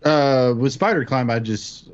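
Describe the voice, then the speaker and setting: A man's voice: mid-range voice, lively intonation, a little slow. A man playing in a tabletop game, hesitant, with many fillers and restarts. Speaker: player. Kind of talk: casual game chat. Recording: dull lo-fi stream audio.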